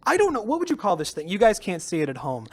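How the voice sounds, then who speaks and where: A man's voice: sits high, wildly swooping pitch, fast talker, a little hiss or hum. Rambling, laughing young man hosting a podcast. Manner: rambling, laughs often, many fillers. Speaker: podcast host. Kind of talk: casual podcast chat.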